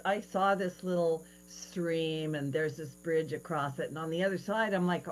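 A woman in her sixties hosting a radio talk show, telling a story with lively quoted voices, over a faint hiss. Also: low voice, normal speed, few pauses, rough recording. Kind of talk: casual interview chat.

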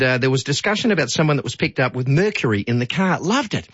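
Australian man, radio host, slightly high voice, casual chat, dull dry sound. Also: fairly bright tone, breathy edge, dry recording. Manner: chatty, jokey, reads listener texts.

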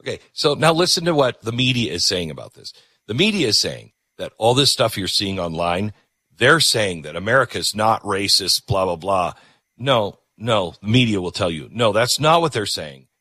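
A man hosting a show and commenting between clips in an animated way. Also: lowish voice, normal speed, breathy edge, dry recording. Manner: animated, talks over clips. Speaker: host.

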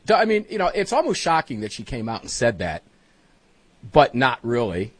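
A man hosting a political talk show, emphatic and quick to cut in. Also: medium pitch, huge pitch swings, a bit bright, husky, no echo. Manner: emphatic, interjecting. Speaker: host.

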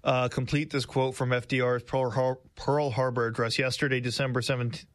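A man producing a talk radio show, reading quiz questions in a low-key, deadpan way. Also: a little fast, no room sound. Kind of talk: casual on-air banter and quiz.

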